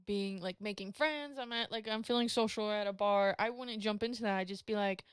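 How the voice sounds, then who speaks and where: Brief: young woman guest, mid pitch, filler-heavy hesitant talk, dry close mic. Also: a little fast, clear, resonant tone, no room sound. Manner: hesitant, many fillers like "like", trails off. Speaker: podcast guest. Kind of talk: casual chat.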